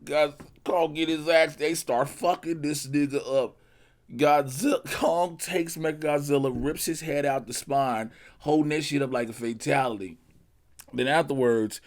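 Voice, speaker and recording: Man, movie reviewer, casual, slangy, swears a lot, mid-pitched voice. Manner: animated, profane, slangy storytelling.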